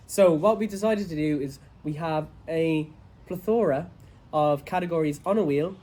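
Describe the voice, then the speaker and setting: A man's voice: a little high, warm tone. A young Irish man co-hosting a podcast, chatty and laughing in casual conversation. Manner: laughing, chatty, quick asides. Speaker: podcast co-host. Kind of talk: casual chat.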